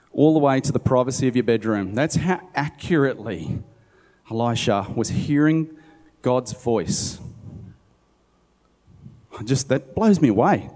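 Guy giving a sermon, reads scripture then muses out loud, mellow warm voice, long hall echo. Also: medium pitch. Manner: conversational, musing aside. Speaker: preacher. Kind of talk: sermon, Bible reading with commentary.

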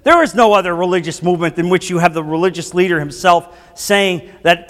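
A male pastor delivers his sermon in a high, ringing voice. He drives his points with impassioned emphasis. The sound carries a long, echoing hall reverb. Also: fairly quick, few pauses, fairly bright tone. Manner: impassioned preaching, rising to emphatic declarations.

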